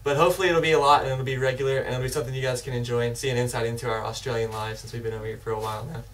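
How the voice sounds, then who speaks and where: A man's voice: mid-range voice, fairly even intonation, very fast, a bit bright, recorded from a distance, slight background noise, low-quality recording. A man hosting and introducing a web show in an enthusiastic, loose way. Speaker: host. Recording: voice from afar.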